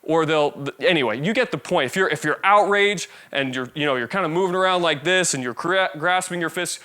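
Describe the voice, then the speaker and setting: In a casual, lively lecture on body language and presenting, a man speaks conversationally and demonstrates different energy levels. His voice sits a little high and moves briskly.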